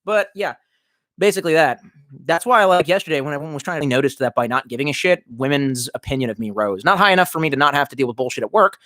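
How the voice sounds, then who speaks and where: A man's voice: mid-range voice, animated, rapid-fire, bright, forceful tone, dry recording, clean studio sound. A man live-streaming in casual chat, reading out viewer comments and rambling with lots of swearing, fillers and restarts.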